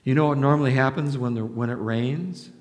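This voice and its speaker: A leader telling a Bible story to children in a church, animated and coaxing them to join in. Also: mid-range voice, fairly quick. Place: church sanctuary. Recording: echoey hall with loud background hiss.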